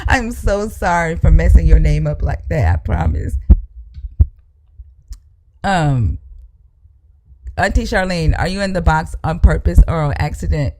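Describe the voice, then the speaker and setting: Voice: medium pitch, big pitch swings, unhurried, pauses often, darkish tone. A live-stream host, arguing with callers bluntly and profanely and repeating the same demand over and over. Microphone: live-stream microphone.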